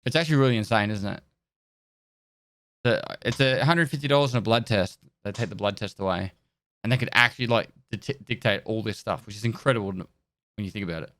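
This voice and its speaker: A man's voice: fairly low pitch, fairly quick, fairly bright tone, no room sound. A man chatting casually to his livestream viewers, rambling and tripping over words, laughing and swearing as he goes. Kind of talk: casual chat with chat.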